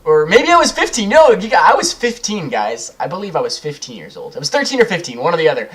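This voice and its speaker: A young adult man hosts a gaming video, rambling through a personal story over gameplay while swearing freely and laughing. His voice sits high and sounds a bit bright, very animated and fast.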